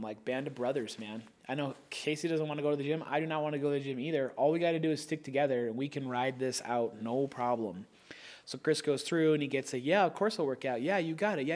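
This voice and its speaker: A man's voice: medium pitch, darkish tone. A man co-hosting a podcast, telling a story in a wry, self-mocking way. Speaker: podcast co-host. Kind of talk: casual storytelling chat.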